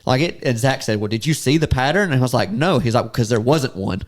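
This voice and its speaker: A man telling a hunting story casually on a podcast, acting out what people said. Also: brisk. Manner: animated, acts out quotes with sudden high-pitched outbursts.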